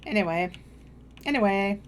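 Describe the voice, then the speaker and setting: A woman's voice: mid-range voice, expressive, normal speed, slight background noise. A woman streaming a game, chatting casually in a meandering, self-deprecating way. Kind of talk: casual rambling chat while gaming.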